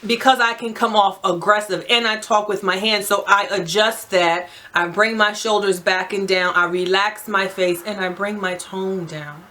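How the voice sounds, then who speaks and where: This woman, a New Jersey native with the accent to match, vlogs direct, emphatic life advice to camera, often tossing in "right?". Her mid-range voice holds a steady tone at a normal speed, naturally loud with hardly any pauses.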